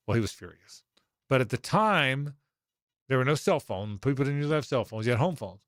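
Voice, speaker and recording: A man's voice: medium pitch, animated, a little fast, no echo, studio quality. A middle-aged man hosting sports talk radio, telling a long anecdote that rambles and corrects itself along the way. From Jacksonville, Florida. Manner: rambling, self-correcting anecdotes with quoted voices.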